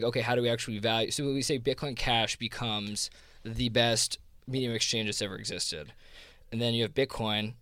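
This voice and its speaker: A man's voice: medium pitch, fairly bright tone. South jersey guy rambling in a chat, tons of likes and restarts, dry sound, no room echo. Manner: rambling, many fillers and restarts. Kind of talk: casual conversation.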